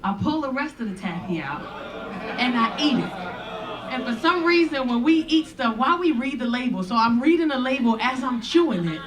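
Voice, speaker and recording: A woman comedian telling a profane, animated stand-up story to a live audience. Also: high voice, normal speed, recorded from a distance, low-quality recording. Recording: stage recording with loud crowd. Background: audience laughter.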